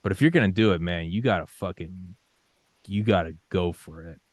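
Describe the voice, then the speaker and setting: A young man with a very low voice speaks in a casual interview, swearing freely and dramatizing his own doubts and determination. The sound is dry and close, with no room echo. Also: a little fast. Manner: intense, swearing, acts out his own panicked inner voice. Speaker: podcast guest.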